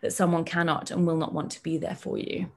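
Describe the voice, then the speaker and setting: A woman clinical psychologist explaining ideas in a relaxed interview, measured and thoughtful, using everyday examples. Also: lowish voice, vocal fry.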